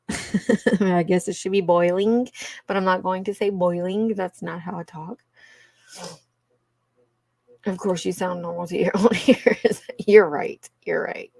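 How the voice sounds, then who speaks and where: A woman's voice: lowish voice, steady tone, a little slow, vocal fry, pauses often, a little mellow, no room sound. A woman with a Cajun accent chatting casually with viewers on a livestream, laughing often and calling them y'all. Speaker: livestream host. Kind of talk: casual live chat with viewers.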